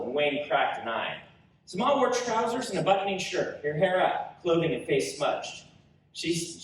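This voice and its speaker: A man reading his own story aloud at a convention panel, animated and storytelling. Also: a little high, distant mic, slight background noise. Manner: animated storytelling with character voices. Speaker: author reading his work. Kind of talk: live reading of a book prologue. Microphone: audience recorder in front row. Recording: roomy hall recorded from audience.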